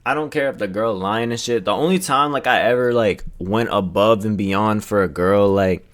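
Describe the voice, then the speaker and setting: Low-voiced young man rambling in slang. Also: normal speed, a bit bright. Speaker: streamer. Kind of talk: casual storytelling chat.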